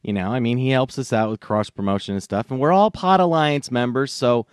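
A man's voice: medium pitch, fairly quick, clean tone, dry recording, studio quality. A man hosting a comedy podcast, casual and profane. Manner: profane, animated, laughing. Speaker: podcast host.

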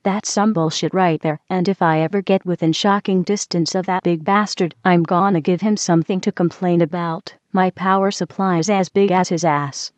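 A man's voice: sits high, fairly even intonation, moderate pace, few pauses, no room sound, pitched above the performer's own voice, close to an everyday voice. A man voicing a profane, hotheaded female computer sidekick. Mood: furious. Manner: profane, ranting, petulant. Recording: dull lo-fi recording.

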